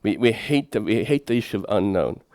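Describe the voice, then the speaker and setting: A middle-aged man, giving a lecture as a professor, telling lively anecdotes and putting rhetorical questions to his audience. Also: lowish voice, brisk, no room sound, studio quality. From Sweden.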